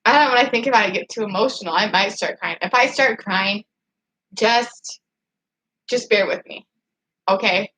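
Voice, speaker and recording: A woman's voice: mid-range voice, moderate pace, long pauses, sharp tone, rough recording. Upset rambling woman livestreamer. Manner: rambling, emotional, nervous laughs, many fillers. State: upset after crying. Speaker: livestreaming vlogger. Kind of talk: casual livestream reaction, reading chat.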